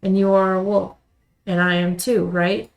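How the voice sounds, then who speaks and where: A woman voicing a clingy, eerily devoted young woman in a visual novel, speaking tearfully and haltingly with stammered restarts. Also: medium pitch, level tone, natural voice. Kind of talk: reading a visual novel aloud.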